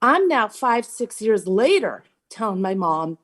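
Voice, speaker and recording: A woman's voice: medium pitch, sing-song, unhurried. A woman giving a frustrated, emphatic public comment at a city meeting, talking bluntly as she calls in remotely.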